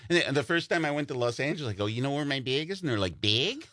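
A man with a Wisconsin accent, chatting as a guest comedian. His voice is lively and bright, and he often slips into exaggerated accents for laughs. The recording is dry and close. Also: mid-range voice, rapid-fire, dry recording. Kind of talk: casual chat.

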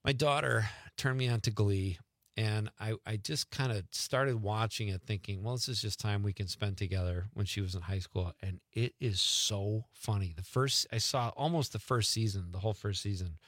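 A man's voice: on the low side, moderate pace, fairly bright tone, no room sound, clean studio sound. A man hosting a radio show, chatting in a friendly way and often restarting his sentences. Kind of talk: casual chat.

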